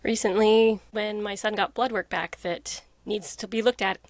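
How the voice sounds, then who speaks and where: A woman's voice: medium pitch, steady tone, normal speed, dry recording. A woman hosting a casual interview, reflectively sharing her own experience.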